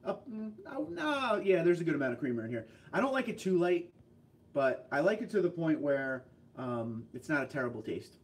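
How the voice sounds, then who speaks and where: A talkative man hosts a casual livestream, rambling through stories and quick asides. His voice sits a bit high for a man. He is heard from a little way off the mic. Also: very animated, recorded from a distance. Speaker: livestream host reading viewer chat.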